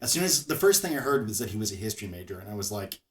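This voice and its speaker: A man co-hosting a podcast, chatting casually in an animated way, laughing often and restarting his phrases. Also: fairly low pitch, racing, roomy sound. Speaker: podcast co-host. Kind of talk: casual chat.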